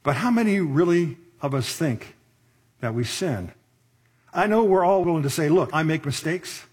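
A man's voice: on the high side, sing-song, moderate pace, a little mellow, husky. A middle-aged man pastor preaching a sermon in a conversational way, with asides and rhetorical questions.

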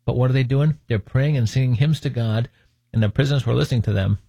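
A man's voice: mid-range voice, quick pace, vocal fry, dark tone, husky, dry recording. A man teaching from the Bible in a conversational way, reading scripture aloud and adding joking asides. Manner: joking asides, laughs at his own points; reads scripture aloud, then comments on it.

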